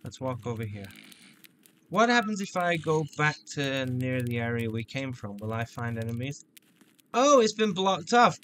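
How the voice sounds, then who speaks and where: A man joking his way through a game, narrating each step in a playful running commentary. His voice is bright and forward, sitting at an ordinary pitch for a man. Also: very animated, normal speed, a little hiss or hum. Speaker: gameplay commentator. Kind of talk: let's play commentary.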